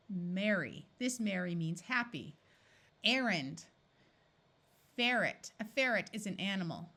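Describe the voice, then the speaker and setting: An American woman leads a phonics lesson in a measured, teacherly voice. She says each word slowly and carefully so that every sound can be heard. Her pitch sits in the middle range for a woman. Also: fairly bright tone. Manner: clear, deliberate word-by-word enunciation. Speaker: reading tutor.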